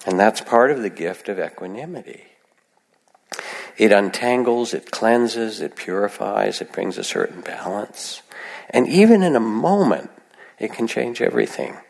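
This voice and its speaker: A man giving a gentle, reflective meditation talk to a live audience, with soft asides in other voices. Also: lowish voice, big pitch swings, measured pace, vocal fry, big-room sound. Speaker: meditation teacher. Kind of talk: dharma talk.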